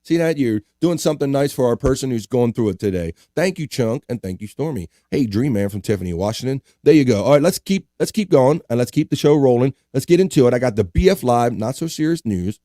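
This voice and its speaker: A man's voice: mid-range voice, fast talker, few pauses, dry recording, clean studio sound. A man hosting a casual livestream, reading out viewer comments, joking crudely and hyping up donations. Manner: animated, hypes up donations, jokes crudely. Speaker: livestream host.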